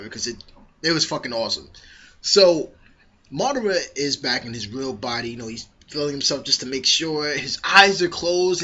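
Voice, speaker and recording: Excitable, profane male vlogger. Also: medium pitch, breathy edge. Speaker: comic-chapter reviewer. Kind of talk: casual vlog review. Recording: dull lo-fi recording.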